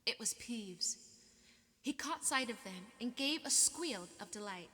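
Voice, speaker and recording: A woman reading an audiobook aloud in a measured, expressive way. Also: mid-range voice, slightly rough. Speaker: audiobook reader. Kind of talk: audiobook narration. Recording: long reverb.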